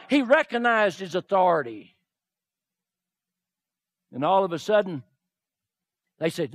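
High-voiced preaching man. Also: normal speed. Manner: preaches with dramatic retellings, swinging from low murmurs to shouts. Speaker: pastor. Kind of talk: sermon.

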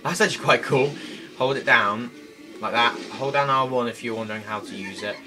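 A man doing chatty, excitable let's play commentary, laughing and shouting at enemies as he plays. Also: mid-range voice, a little fast. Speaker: gameplay commentator. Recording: game music loud behind voice.

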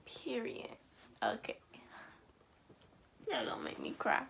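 A woman's voice: medium pitch, very animated, measured pace, creaky, slight background noise. A teenage girl from Atlanta talking casually to her camera, emotional and close to tears, often dropping to a half-whisper. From Atlanta, USA. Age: teens. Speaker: vlogger. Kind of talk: casual vlog talk to camera.

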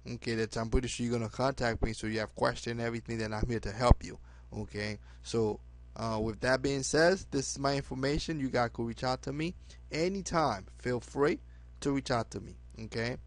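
A network marketer speaks directly to camera in a brisk webinar pitch to his team, friends and followers, pleading and repeating himself. His phrasing is slightly broken and non-native, with dropped words, and nearly every phrase ends in "okay?"

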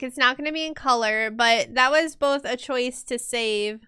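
A woman's voice: a little high, normal speed, pushed and bright, smooth, dry recording. A woman streamer and illustrator chatting casually while she draws on a livestream, rambling and laughing often.

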